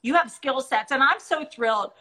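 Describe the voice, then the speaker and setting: A woman's voice: high voice, moderate pace, bright, forceful tone, poor audio. A middle-aged woman hosting a Christian talk show, speaking with eager encouragement and acting out stories. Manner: enthusiastic, encouraging, reenacts stories. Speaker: host.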